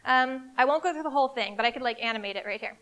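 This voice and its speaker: A woman giving a live business presentation to an audience in an event room, in an energetic, conversational and emphatic way. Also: high-pitched, very fast, dull audio. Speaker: CEO giving a marketing presentation. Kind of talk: live conference talk.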